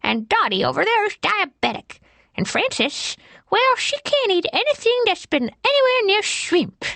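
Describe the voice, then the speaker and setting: A woman reading an audiobook voices an elderly nursing home resident, fussy and scolding, who talks with a lisp in a high, fretful voice. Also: sing-song, a little slow, gravelly, a bit bright, no room sound, heavily acted. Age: older. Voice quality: lisping. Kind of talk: audiobook character voice. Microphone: close studio mic.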